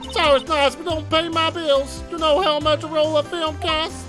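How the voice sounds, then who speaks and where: A woman's voice: high voice, little pitch movement, moderate pace, close to an everyday voice. Woman putting on a brash Southern country gal. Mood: scolding. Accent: Southern US drawl, put on. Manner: loud, folksy, scolding. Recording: game music playing behind.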